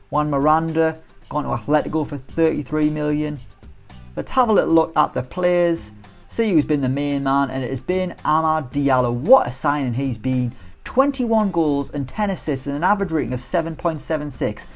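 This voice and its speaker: A man's voice: a little high, darkish tone. A man giving chatty, upbeat commentary on a football management game, firing off rhetorical questions. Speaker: gaming YouTuber.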